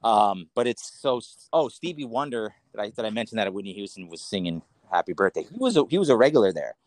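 A man from the Los Angeles area, a podcast guest telling long, rambling stories in an animated way, often restarting and laughing mid-sentence. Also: fairly low pitch, fast, dry recording. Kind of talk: casual storytelling.

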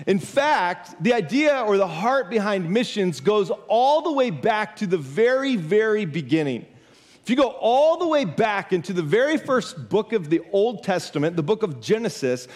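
Man, high voice, pastor, casual emphatic sermon, rhetorical questions.

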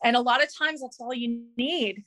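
A woman's voice: fairly high pitch, moderate pace, fairly bright tone. A woman hosting a casual interview, confidently explaining with examples from home. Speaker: podcast host and parent.

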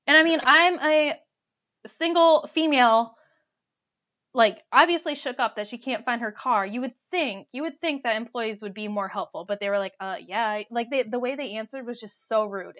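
A young woman telling a personal story in casual chat, animated and full of "like" fillers. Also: on the high side, moderate pace. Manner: animated, lots of "like" fillers, laughs while telling. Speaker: storyteller guest. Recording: dull lo-fi sound.

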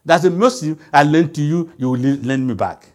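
A man's voice: fairly high pitch, brisk. A man preaching a sermon, emphatic and quizzing the congregation with call-and-response questions.

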